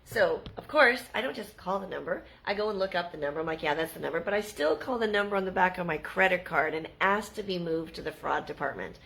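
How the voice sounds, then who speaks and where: Gravelly, low-voiced woman vlogger. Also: fast talker, hardly any pauses, rough recording. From Canada. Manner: chatty and animated, acts out the people in her stories. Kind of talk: casual storytelling to camera.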